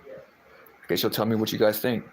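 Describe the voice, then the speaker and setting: A man's voice: lowish voice, little pitch movement, moderate pace, a little mellow, a little hiss or hum, low-quality recording. A man hosting a livestream, rambling and hesitant, answering viewer comments with lots of fillers and restarts. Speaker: livestream host. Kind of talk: casual chat, reading out viewer comments.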